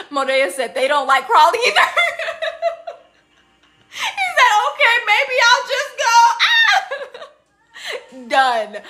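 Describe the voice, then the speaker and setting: A young woman hosts a casual TikTok live stream from indoors, reading viewer comments into her phone in a high-pitched, pushed, bright voice. She laughs often and acts out cartoon quotes in silly voices.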